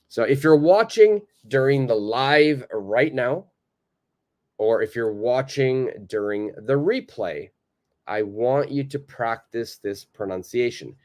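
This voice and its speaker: A North American man teaching English in a live online lesson. He speaks slowly and patiently, with a mid-range voice, and says phrases over and over for learners to repeat. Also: mid-range voice.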